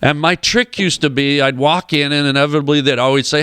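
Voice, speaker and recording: A man's voice: on the high side, a little fast, a bit bright, clean tone, dry recording, clean studio sound. A man, a comedian and actor guest on a radio show, telling rambling comic anecdotes and acting out the people in them. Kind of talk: animated storytelling on a radio show. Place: radio studio.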